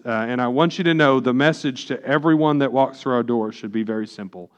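A man preaching a sermon as pastor, reading scripture slowly and putting questions to the congregation. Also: medium pitch, a bit bright.

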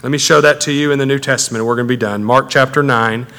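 A man preaching a sermon as a pastor, conversational and animated, his intensity building as he talks. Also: mid-range voice, quick pace, creaky. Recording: echoey hall with long reverb.

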